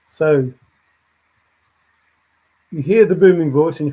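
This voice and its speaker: A man's voice: on the high side, slow pace, warm tone, breathy edge. A man hosting a livestream, thinking aloud in a rambling way and answering chat comments as they come in. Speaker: livestream host.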